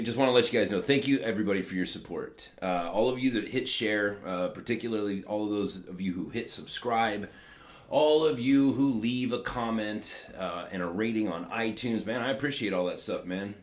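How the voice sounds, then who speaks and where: A man's voice: fairly low pitch, echoey room. A man hosting a podcast, giving casual political commentary in a rambling, sarcastic way with lots of fillers. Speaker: podcast host.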